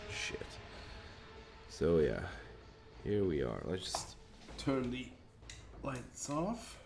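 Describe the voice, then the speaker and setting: A man's voice: fairly low pitch, wildly swooping pitch, very slow, gravelly, pauses often, over music. A Hungarian man chatting casually on a live stream while painting, thinking aloud, muttering to himself and swearing now and then.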